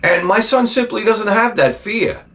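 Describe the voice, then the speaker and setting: A man's voice: high-pitched, unhurried, background noise. A middle-aged man hosting his own channel, telling rambling, profane stories in a casual, digressive way. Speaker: channel host.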